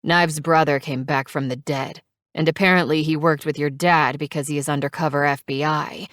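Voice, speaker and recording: A woman voicing a calm, steady male doctor who reassures his patients. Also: low-pitched, moderate pace, dry recording, studio quality. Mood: reassuring.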